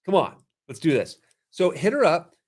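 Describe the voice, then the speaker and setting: Guy doing a marketing livestream, a bit high voice, pumped and salesy, chatty asides. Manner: energetic, salesy, quick asides. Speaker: marketing show host. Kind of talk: casual live-stream talk.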